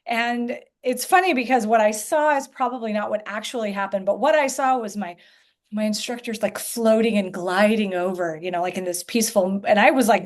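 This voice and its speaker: Animated middle-aged woman telling her story. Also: mid-range voice, brisk. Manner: animated storyteller, acts out quoted voices. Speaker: energy healer guest. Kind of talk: storytelling in a podcast interview.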